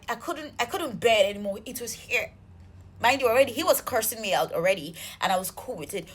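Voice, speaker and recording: A woman telling an exasperated storytime vlog, animated and swearing freely. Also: mid-range voice. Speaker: vlogger.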